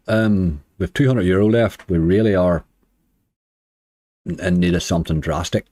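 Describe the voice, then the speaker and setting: A man's voice: sits low, moderate pace, long pauses, warm tone, dry recording. A man giving casual running commentary while playing, chatty and talking to the game as he goes. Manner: chatty, muttering to the game and cheering it on. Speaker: slots streamer. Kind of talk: casual commentary over gameplay.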